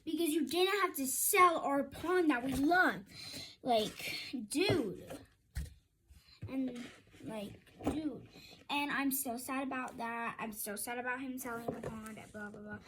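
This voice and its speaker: A woman's voice: sits high, a little slow, background noise. A young girl rambling casually to her viewers in a chatty vlog, often calling them "y'all". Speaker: vlogger.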